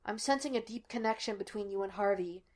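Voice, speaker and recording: A woman's voice: mid-range voice, fast, a little mellow, natural voice. Woman reading as a cocky wisecracking male psychic. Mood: probing. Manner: flippant, teasing.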